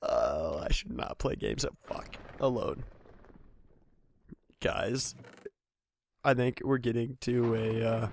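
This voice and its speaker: A man's voice: medium pitch, big pitch swings, slow pace, vocal fry, pauses often. A young man hosting a gaming channel, giving solo let's-play commentary with joking, self-mocking, rambling asides.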